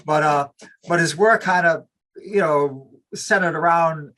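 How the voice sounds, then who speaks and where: Male podcast guest, fairly high and bright-toned, hesitant and filler-heavy in casual talk. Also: measured pace. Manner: hesitant, full of fillers and "you know". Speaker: podcast conversation partner. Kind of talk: casual conversation.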